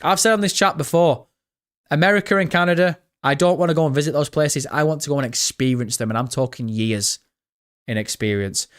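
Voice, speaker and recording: A young British man live-streaming, chatting excitedly with his viewers and swearing freely. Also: on the high side, a little fast. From Britain. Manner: excitable, swears often, chats directly to viewers. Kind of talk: casual live-stream chat.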